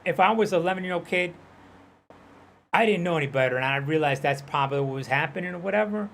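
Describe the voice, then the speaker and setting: A man's voice: fairly high pitch, fast, creaky, a bit bright, a little hiss or hum. A man from Hawaii chatting loosely while streaming a game, rambling and full of fillers. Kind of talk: casual chat while gaming.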